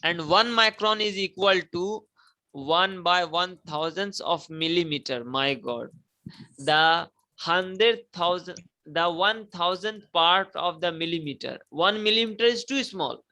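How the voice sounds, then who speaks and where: A man's voice: high voice, takes it slowly, pushed and bright, rough recording. A male teacher, giving a classroom lecture, repeating key points and asking students to repeat after him. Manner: repetitive, emphatic, prompts students to repeat.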